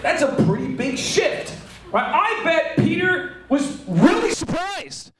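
Man, pastor, sermon, animated and joking, high voice, echoey church hall. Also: a little slow. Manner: animated, joking, acts out quotes. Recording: echoey hall, mic from far off.

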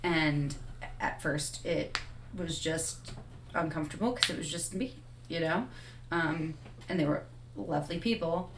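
A woman guest on a radio talk show, speaking earnestly in a halting way with frequent restarts. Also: sits low, reverberant, background noise. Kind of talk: casual conversation.

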